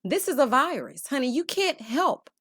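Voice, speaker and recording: Sassy woman for a chatty TV recap, lively and expressive, dry close mic. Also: sits high, normal speed, dry recording. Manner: sassy, calls viewers honey and child, bursts of laughter. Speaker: reality TV recap host.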